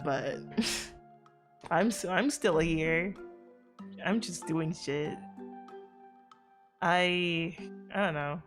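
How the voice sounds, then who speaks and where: A woman from the Virgin Islands with a Caribbean accent, chatting casually on stream, rambling, swearing and laughing often. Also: sits low. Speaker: VTuber streamer.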